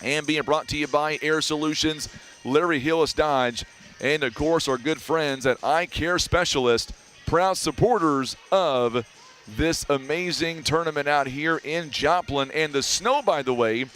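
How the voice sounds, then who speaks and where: A man with a Southern American accent calling a high school basketball game on local radio, chatty and folksy, reading sponsors and weather between plays. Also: measured pace, fairly bright tone, faint music behind. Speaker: play-by-play announcer. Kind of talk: radio sports commentary.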